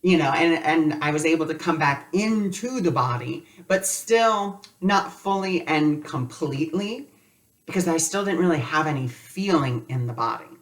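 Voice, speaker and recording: A man's voice: fairly high pitch, expressive, moderate pace, distant mic. A man teaching a spiritual lesson in a loose, conversational way, telling personal stories with lots of casual fillers.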